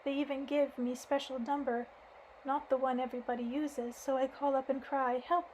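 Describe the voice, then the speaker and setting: A worried, sturdy village housekeeper woman in her forties spills out her story in folksy, rustic phrases, as a woman reader puts her on. The voice sits high and stays fairly level, with a faint hiss behind it. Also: little pitch movement, moderate pace, a little mellow, close to an everyday voice, low-quality recording.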